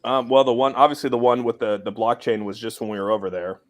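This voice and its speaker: Talking quickly in a medium-pitched voice that barely moves in pitch, a man runs a relaxed crypto livestream from a shed outside. He rambles easily, leaning heavily on fillers.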